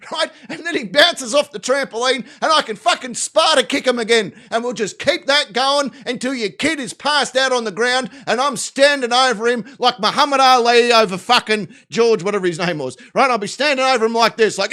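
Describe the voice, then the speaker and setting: A man's voice: very high-pitched, moderate pace, few pauses, sharp tone. A man with an Australian accent hosting a live stream, giving crude, rambling, swaggering commentary on videos.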